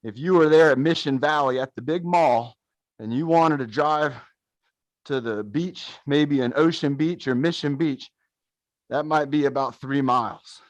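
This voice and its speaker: A man coaching viewers through a gentle follow-along workout while narrating footage of a race, upbeat and encouraging. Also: fairly high pitch, measured pace, dry recording, lo-fi sound. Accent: American. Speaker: fitness coach.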